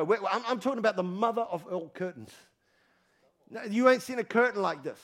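High-voiced man preaching a lively sermon. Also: brisk. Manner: animated preaching, repeats phrases for emphasis. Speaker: pastor. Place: church.

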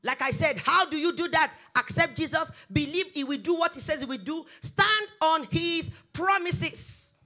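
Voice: high voice, fairly quick, few pauses, sharp tone. A preacher delivering a sermon, emphatic and repeating exhortations over and over.

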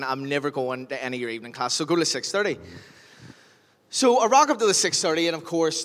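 A man with a Northern Irish accent preaching a sermon as pastor, telling jokey stories and acting out scenes. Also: on the high side. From Northern Ireland. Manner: animated storyteller, jokey, acts out scenes. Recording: long hall reverb.

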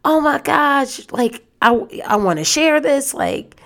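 An eager little boy bursting to show off, played by a woman. His voice is pitched up, bright and breathless. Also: expressive, slow, exaggerated voice. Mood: excited. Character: excited young boy showing off.

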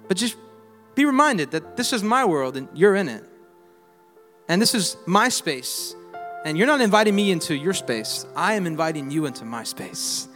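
A man preaching a sermon, swinging between loud exhortation and quiet reflection, with humorous asides and call-and-response lines. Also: high-pitched, very animated, moderate pace. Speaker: pastor. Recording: reverberant hall with faint music.

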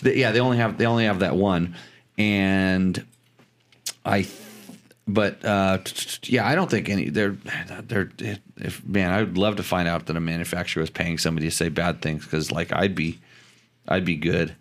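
A man with a very low voice hosts a relaxed chat show. He rambles and trips over his words, restarting sentences often. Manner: rambling, halting, many restarts. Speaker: podcast host. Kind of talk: casual chat about motorcycles.

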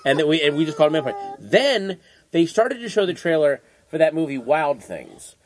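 Animated storytelling man, dry close sound. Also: a little high, brisk, no room sound. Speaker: podcast guest. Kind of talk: casual chat.

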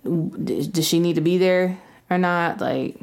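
Low-voiced young woman, teasing chat. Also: a little slow, creaky, darkish tone. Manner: laid-back, teasing, poses scenarios. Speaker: podcast co-host. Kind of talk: casual couple podcast chat.

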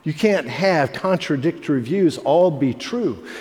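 A male pastor delivering a sermon, swinging between loud, emphatic lines and hushed ones. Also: a little high, expressive, a little slow. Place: church sanctuary. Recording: long reverb of a large hall.

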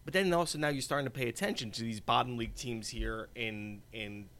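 This podcast co-host, a man from the United States, keeps things casual, wandering, starting over and letting thoughts trail off. He talks a little fast in a medium-pitched, fairly bright voice.

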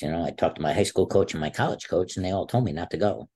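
Older guy, deep husky dark voice, telling a long story in an interview. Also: fast talker. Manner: animated storyteller, acts out quotes with a raised pitch. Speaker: interview guest, former wrestler.

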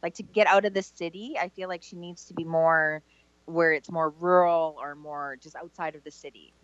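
A woman's voice: fairly low pitch, steady tone, moderate pace, no echo, dull audio. A woman from Canada co-hosting a casual radio chat, rambling and hedging with lots of "like". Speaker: psychic medium co-host.

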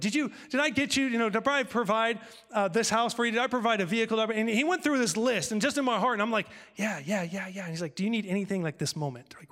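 Man preaching, high voice, animated storytelling, echoing church hall. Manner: animated, acts out dialogue with God and his wife. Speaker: pastor. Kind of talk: storytelling sermon.

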